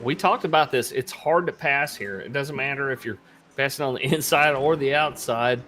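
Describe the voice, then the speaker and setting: Bright-voiced relaxed race analyst. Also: male voice, mid-range voice, normal speed, slight background noise, poor audio. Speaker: co-commentator. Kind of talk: casual race commentary.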